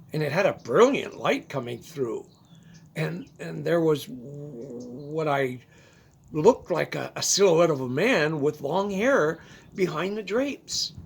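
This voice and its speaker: Slow halting first-person narrator, husky, gravelly. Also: medium pitch. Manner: halting, repeats words.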